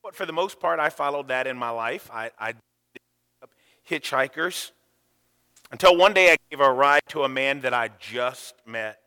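A male pastor preaching a sermon, telling stories with sudden loud, animated rises. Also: medium pitch, normal speed, clean tone, in a large hall. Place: church sanctuary.

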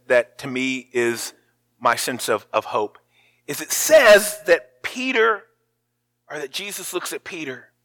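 This male pastor's mid-range voice sounds pushed and bright as he delivers a sermon. He recounts the story with feeling, performing the dialogue of the people involved.

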